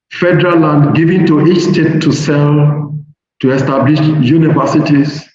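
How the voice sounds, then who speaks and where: Middle-aged Nigerian English professor, slow and deliberate, in a very echoey, muffled hall recording. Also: male voice, fairly high pitch. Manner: measured, deliberate, slows to stress key points. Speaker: professor giving a seminar lecture. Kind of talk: academic lecture reading from slides. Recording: very echoey hall, dull lo-fi sound, faint noise.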